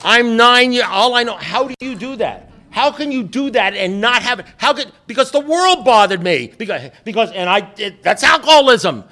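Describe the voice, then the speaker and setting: A man's voice: extremely high pitch, expressive, normal speed, few pauses, sharp tone, a little hiss or hum. A middle-aged man speaking at a recovery meeting, telling stories in a joking, blunt and profane way, often restarting his sentences. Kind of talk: storytelling talk to a meeting.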